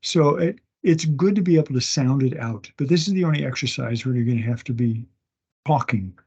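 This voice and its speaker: A male instructor giving a recorded class lecture from home, talking slowly and haltingly, often pausing and restarting, and sounding out words one at a time and repeating them. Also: medium pitch, mellow, husky. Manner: slow, halting, with many restarts and fillers. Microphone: online meeting recording. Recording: dull lo-fi meeting audio.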